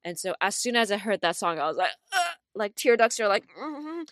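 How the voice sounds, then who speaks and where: Young woman podcast host, super lively pitch, dry close sound, lots of "like"s. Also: a little fast, no echo. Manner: animated, heavy "like" filler, laughs often. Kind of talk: casual storytelling chat.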